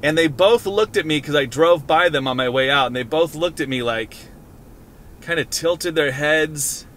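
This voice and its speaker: A man's voice: fairly high pitch, moderate pace, fairly bright tone, a little hiss or hum. A man in his thirties vlogging casually to a handheld camera from his car, rambling and joking. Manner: rambling, playful, jokey.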